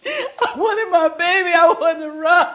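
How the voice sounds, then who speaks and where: A woman performing a theatrical one-woman stage monologue, emotional and swinging from hushed lines to shouted ones. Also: extremely high pitch, measured pace.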